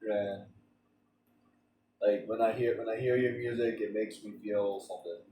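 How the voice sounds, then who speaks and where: A man's voice: lowish voice, steady tone, moderate pace, warm tone, reverberant, distant mic, slight background noise, rough recording. A man streaming a game, chatting in a rambling way with frequent restarts and stammers. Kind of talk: casual rambling chat during a game stream.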